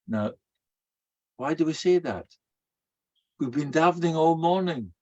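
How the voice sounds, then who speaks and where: An older man, a rabbi giving a storytelling sermon in an animated way. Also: on the high side, measured pace, dull audio. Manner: animated, acts out quoted voices.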